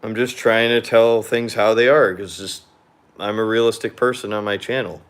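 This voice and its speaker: A man's voice: on the low side, fairly even intonation, moderate pace, smooth. Young male vlogger, casual venting monologue, rambling, swears freely, beer in hand. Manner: blunt and profane, rambling; drinking beer while chatting.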